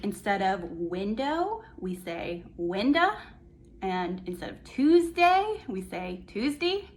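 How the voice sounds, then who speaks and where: A young woman giving a memorial tribute to her mother, fond and reminiscing with gentle humor. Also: medium pitch, slight background noise, poor audio.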